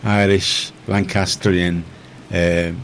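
A man's voice: sits low, little pitch movement, extremely slow, a little hiss or hum. A middle-aged man hosting a community radio show, chatting casually and rambling with restarts. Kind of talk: casual studio chat. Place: radio studio.

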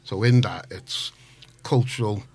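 A man, a guest author telling stories in a casual radio interview, full of restarts and animated asides. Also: on the low side, unhurried, slightly rough. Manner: animated, rambling storyteller with many restarts. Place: radio studio.

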